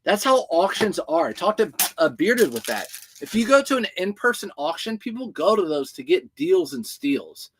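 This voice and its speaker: A man with a high voice hosts a casual livestream about reselling clothes. He talks in a loose, chatty way and answers viewer comments as they come in. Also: big pitch swings, moderate pace, a bit bright, slight background noise.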